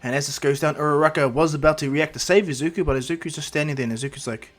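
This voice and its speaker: A man's voice: a little high, steady tone, rapid-fire, soft background music. A man casually narrating an improvised fan story, with lots of fillers. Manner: casual, rambling, many fillers.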